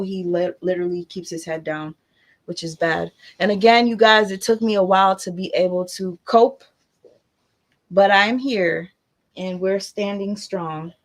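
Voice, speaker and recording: A woman hosting a casual livestream, chatting loosely with her viewers and her baby. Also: mid-range voice. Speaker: channel host.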